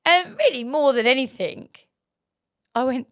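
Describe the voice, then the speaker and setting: A woman, hosting a casual chat and telling stories with lots of giggling and lively energy. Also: medium pitch, normal speed, no room sound, clean studio sound. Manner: giggly animated storytelling. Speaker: host and waxing trainer.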